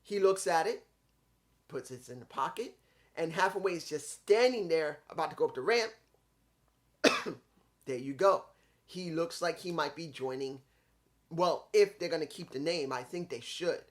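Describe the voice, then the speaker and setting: A man's voice: a little high, animated, moderate pace, long pauses. Rambling man in his fifties reviewing wrestling. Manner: rambling, second-guesses himself, corrects mid-sentence. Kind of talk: casual spoken review.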